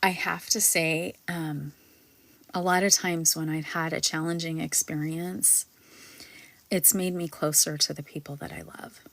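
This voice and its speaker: A woman past middle age who has a granddaughter, hosting a spiritual panel in casual, rambling talk full of ums and likes, sometimes dropping to a soft near-whisper. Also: deep voice, fairly even intonation, unhurried, gravelly, dry recording. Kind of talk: casual live-stream talk.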